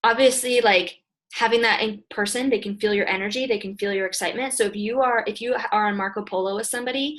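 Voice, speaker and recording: A young adult woman giving an energetic, direct coaching talk to her sales team, often checking in with "okay?". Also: mid-range voice, fast talker. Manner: energetic, direct, emphatic, repeats "okay?" and "you guys". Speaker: network marketing team leader.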